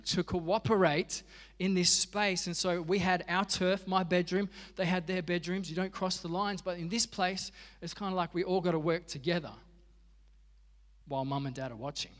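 A man's voice: high-pitched, in a large hall. An Australian man preaching a sermon as pastor, telling stories with humor and animation. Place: church.

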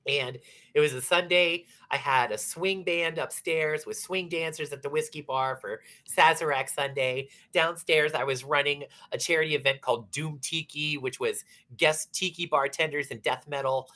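Bright-voiced, animated woman storyteller. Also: low-pitched, moderate pace. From Pittsburgh. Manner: animated, acts out quoted dialogue, many fillers. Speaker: guest, bar manager. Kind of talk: casual storytelling interview.

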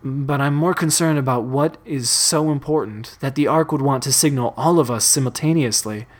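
A man voicing a calm, businesslike young woman leader in a read-aloud story. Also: mid-range voice, normal speed, lightly acted. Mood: serious.

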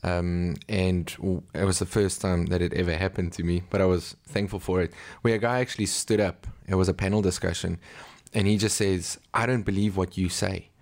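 Interview guest: deep, gravelly man from South Africa, anecdotal, filler-heavy. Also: fairly even intonation, fairly quick, a little mellow. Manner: storytelling, acts out quoted voices, many ums. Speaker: missionary pastor and teacher. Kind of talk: conversational interview.

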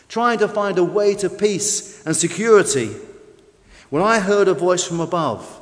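A high-voiced man delivers a sermon with emphasis that rises and falls from one line to the next. A long reverb colors the sound, suggesting a large hall or church.

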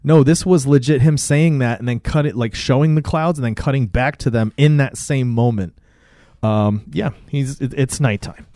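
Um homem numa conversa casual, recontando um filme com energia, xingando bastante e imitando as falas dos personagens. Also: male voice, mid-range voice, normal speed, no room sound, studio quality. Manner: animated retelling, swears a lot, acts out lines. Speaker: podcast co-host. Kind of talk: casual movie recap chat.

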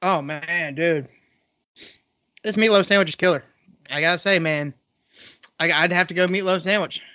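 A man's voice: high voice, moderate pace, bright, forceful tone, no room sound, dull audio. A man co-hosting a casual podcast, talking in an easygoing, slangy way. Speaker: podcast co-host.

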